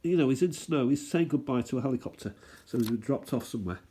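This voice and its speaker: A man's voice: medium pitch, lively intonation, quick pace, dark tone, slightly rough. A man hosting a stamp collecting channel, rambling and thinking aloud as he chats casually through what he's showing. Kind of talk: casual show-and-tell chat.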